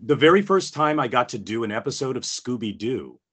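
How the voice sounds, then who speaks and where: A man's voice: mid-range voice, brisk, breathy edge. A man who is a guest voice actor, chatting animatedly in an interview. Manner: animated, tells stories with quoted voices. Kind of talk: casual interview chat.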